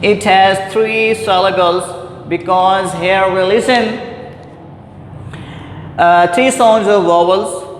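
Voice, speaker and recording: A man teaching a grammar lesson, repeating points and calling his class "my dear students". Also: sits high. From Pakistan. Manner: repetitive, deliberate, addresses "my dear students". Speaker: English teacher. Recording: echoey hall with faint background noise.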